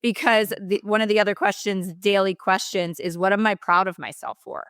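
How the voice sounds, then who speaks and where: A woman's voice: mid-range voice, steady tone, normal speed, a bit bright, clean tone, dry recording, clean studio sound. A middle-aged woman, a mindset coach, speaking as a guest in a podcast interview in an emphatic, motivational way.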